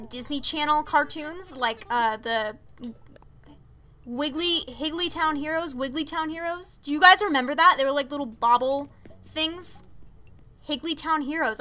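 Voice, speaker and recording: A teenage girl streaming a video game, chatting casually and reacting to viewer messages with excitable, rambling enthusiasm. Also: sits high, unhurried. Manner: chatty, excitable, reads chat aloud.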